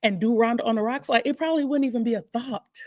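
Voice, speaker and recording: A woman, a guest co-host telling a candid, lively personal testimony with laughter on a morning talk stream. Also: on the high side, fast talker. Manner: lively, laughing, acts out her own prayers.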